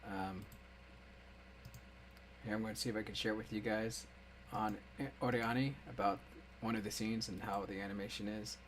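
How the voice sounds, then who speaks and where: A man's voice: on the low side, steady tone, normal speed, slight background noise. A man hosting a casual anime review chat, talking loosely and laughing often. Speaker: podcast host.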